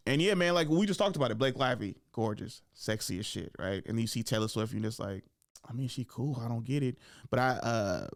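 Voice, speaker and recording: A man hosting a podcast, slangy and profane, telling animated stories and acting out quotes. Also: mid-range voice, gravelly, no room sound, clean studio sound. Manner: animated storytelling, acts out quotes and drops into whispers. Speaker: podcast host. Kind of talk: casual podcast chat.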